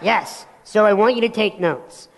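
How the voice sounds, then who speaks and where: A male motivational speaker giving an animated keynote, telling stories and acting out voices in a large hall. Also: high-pitched, a little slow. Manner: animated storytelling, acts out voices. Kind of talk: keynote talk on stage. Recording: long hall reverb.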